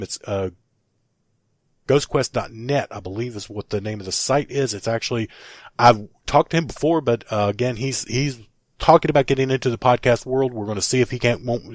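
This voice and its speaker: A man's voice: medium pitch, dry recording, studio quality. A man hosting a paranormal podcast, rattling off plugs in a rambling, self-correcting way until he runs out of breath. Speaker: podcast host.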